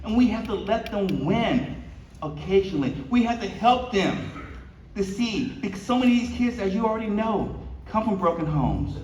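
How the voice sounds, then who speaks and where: A man's voice: high-pitched, normal speed, a little hiss or hum. A man in his fifties giving a keynote at a luncheon, telling stories and acting out the dialogue with humor. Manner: animated, acts out quoted dialogue, jokes with the audience. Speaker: keynote speaker. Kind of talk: storytelling keynote speech. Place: banquet hall. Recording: echoey, distant, slightly dull room recording.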